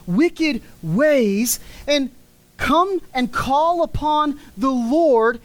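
A woman preaches a sermon emphatically, stretching key words so her lines fall at the end. Her voice is high-pitched with lively intonation, and the recording is rough.

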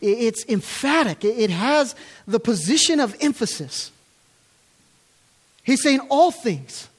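A man's voice: extremely high pitch, big pitch swings, takes it slowly, breathy edge. A man preaching an earnest, emphatic sermon as pastor, speaking to his congregation in church and asking them questions.

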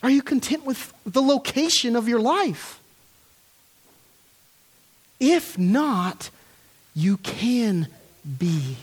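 A man's voice: very high-pitched, expressive, drawn-out words, pauses often, breathy edge. A man preaching an earnest, emphatic sermon as pastor, speaking to his congregation in church and asking them questions.

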